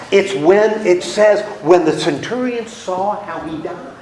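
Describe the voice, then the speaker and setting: Male Bible study teacher with a high voice and a question-and-answer manner, recorded in a roomy space with a faint hiss. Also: fairly bright tone. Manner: asks the class questions, then answers them. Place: room with a small class. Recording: echoey room with faint noise.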